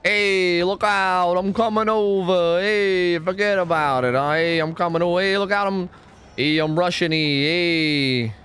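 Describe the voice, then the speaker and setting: A man putting on a brash, shouting tough-guy brute swinging a club, barking repeated taunts. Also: high voice, measured pace, smooth, pitched above the performer's own voice. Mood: taunting.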